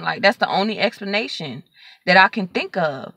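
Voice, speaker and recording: A young woman tells a story in an animated, casual storytime style, acting out every exchange and filling it with fillers. Her voice is bright and forceful. She sounds close and dry, with no room echo. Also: medium pitch, normal speed, husky. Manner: animated retelling with quoted dialogue and many fillers. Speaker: vlogger telling a story.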